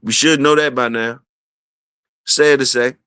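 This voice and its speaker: A man hosting a casual livestream, shouting out viewers and repeating his phrases. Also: mid-range voice, fairly even intonation, a little slow, clean tone, dry recording, studio quality. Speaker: livestream host.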